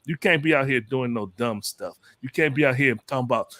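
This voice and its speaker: An animated man hosts a casual talk show and drives his points home with emphasis. His voice sits in the middle range. It sounds close and dry, with no room around it. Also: brisk, few pauses, no echo. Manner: animated, emphatic, pushes pitch up on quotes. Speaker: podcast host. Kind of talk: casual chat.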